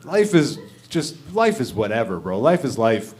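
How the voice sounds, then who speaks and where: A man's voice: medium pitch, very animated, normal speed, over music. A man in his thirties doing a profane, brash stand-up comedy rant on a club stage. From Canada. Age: 30s.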